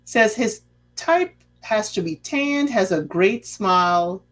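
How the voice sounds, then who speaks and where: A woman's voice: medium pitch, slow pace. A woman talks through a reality-show episode in a casual, gossipy way. Her voice swoops and bounces as she acts out what people said. She drops pointed, sassy asides to her listeners. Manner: sassy, chatty, drops asides and rhetorical questions; acts out quoted lines in a lively voice. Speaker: TV recap host.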